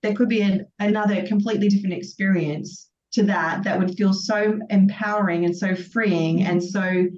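A woman in her thirties telling her own birth story as a podcast guest, acting out what was said in lively bursts. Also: mid-range voice, moderate pace, hardly any pauses. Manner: animated storytelling, acts out her own quotes. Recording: distant, dull, roomy sound.

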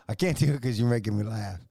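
A man's voice: fairly low pitch, dark tone, dry recording, studio quality. A man co-hosting a podcast, chatting casually and crudely, joking and laughing a lot with plenty of fillers. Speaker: podcast co-host. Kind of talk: casual comedic chat.

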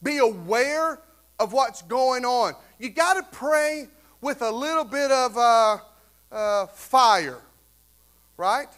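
A man preaching a sermon in a conversational way, often checking in with "right?" and rising to loud, fervent bursts. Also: very high voice, expressive, slow. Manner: repeats "right?" to the congregation. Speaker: pastor.

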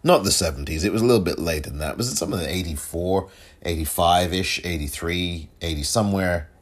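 Low husky guy doing a chatty podcast, voice goes up and down a lot, keeps laughing and backtracking. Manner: rambling, chuckling, self-correcting. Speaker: podcast host. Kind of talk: casual solo commentary.

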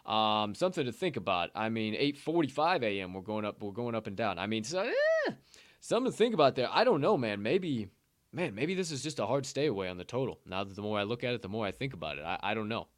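A man's voice: lowish voice, very animated, quick pace, no echo, studio quality. A man hosting a sports betting show from a sportsbook, chatting casually with loose, profane joking asides.

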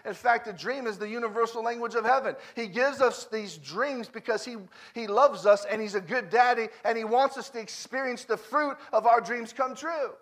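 A male pastor preaching a lively sermon, repeating words and asking the congregation questions. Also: very high voice, moderate pace. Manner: energetic, repeats words, asks the crowd questions.

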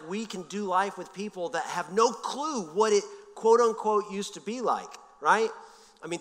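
A middle-aged man preaching with a bright, forceful, fairly high voice. He talks conversationally, restarting phrases and repeating words as he tells stories. The sound rings with the long reverb of a large church hall. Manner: conversational, self-interrupting, animated storytelling. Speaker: pastor. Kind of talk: sermon.

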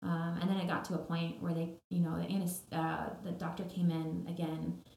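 A young woman with a low, gravelly voice recounts her own story as a podcast guest. Her delivery is earnest and tender, broken up by small fillers. The room around her sounds echoey, and her tone is dark and mellow. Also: flat delivery, moderate pace. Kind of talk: personal story in interview.

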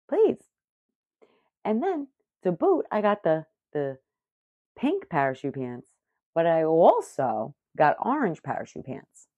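A woman in her thirties telling a story casually to the camera as a vlogger, animated, profane and self-mocking. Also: fairly low pitch, a little slow, creaky, no echo. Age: 30s. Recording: muffled lo-fi audio.

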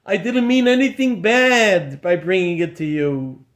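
A man's voice: high-pitched, steady tone, unhurried, a bit bright, voice pushed up. A man voicing a frightened innkeeper begging for mercy in a spoken story. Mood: pleading. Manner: pleading. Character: terrified poor male innkeeper.

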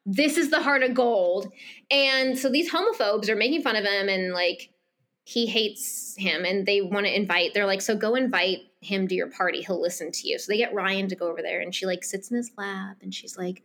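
A woman's voice: mid-range voice, moderate pace, fairly bright tone. A woman co-hosting a podcast, recapping a romance novel scene by scene in casual chat, quoting the characters' lines and laughing often. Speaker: podcast co-host. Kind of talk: casual book-club chat.

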